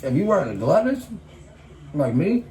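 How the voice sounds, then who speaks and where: A man's voice: fairly high pitch, sing-song, moderate pace, mellow. A young man chatting casually and joking while he eats on a vlog, with loose, laid-back talk and free swearing. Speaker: vlogger. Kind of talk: casual eating vlog chat. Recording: echoey room, faint background noise.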